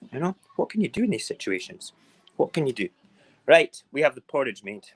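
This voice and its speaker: A man with a mid-range voice runs a relaxed morning live stream. He chats and rambles on, breaking off to greet viewers and narrate what he is doing as he cooks. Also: medium pitch, fairly quick, slightly rough. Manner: chatty, rambling, talks to viewers while cooking. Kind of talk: casual live-stream chat.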